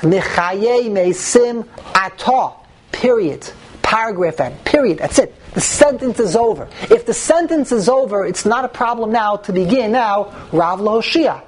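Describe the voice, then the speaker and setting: A woman's voice: mid-range voice, lively intonation, moderate pace, a little mellow, slightly rough, poor audio. A woman teaching a religious text class, explaining step by step and asking herself rhetorical questions.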